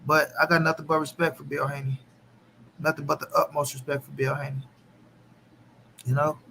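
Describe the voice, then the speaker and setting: Bright-voiced man chatting on a live stream. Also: fairly high pitch, little pitch movement, moderate pace, vocal fry, slight background noise. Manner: loose, profane, talks back to chat. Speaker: boxing channel host. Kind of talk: casual live-stream chat.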